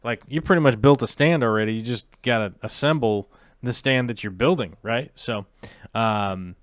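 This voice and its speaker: A man's voice: mid-range voice, moderate pace, dry recording, clean studio sound. A man hosting a casual aquarium livestream, chatting loosely with many fillers and restarts.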